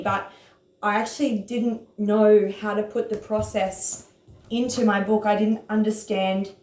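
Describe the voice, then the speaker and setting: A woman speaks in a casual, earnest self-help talk, at a middling pitch for a woman. Her pace jumps when she gets excited, and then she deliberately slows down. The room around her is echoey. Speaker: yoga teacher and author.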